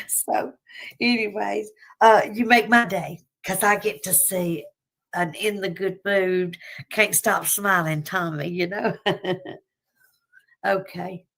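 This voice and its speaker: A woman's voice: medium pitch, takes it slowly, pauses often. A woman with a Southern US drawl chats through a casual livestream in a mid-range voice. She is folksy and talkative and breaks into laughs as she goes. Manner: chatty, warm-hearted, folksy, laughs often. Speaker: livestream host.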